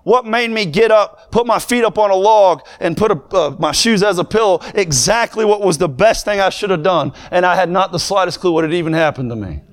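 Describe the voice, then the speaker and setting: A young man preaching a sermon, moving from plain talk to fervent, shouted preaching. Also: high voice, brisk, hardly any pauses.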